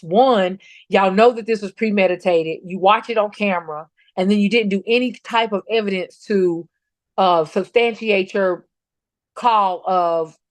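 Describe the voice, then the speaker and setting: A woman's voice: medium pitch, dry recording. A middle-aged woman, a bereaved mother telling her story in a podcast interview, emphatic and quoting her own words. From North Carolina. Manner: emphatic, retells confrontations, quotes herself. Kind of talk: personal account in a podcast interview.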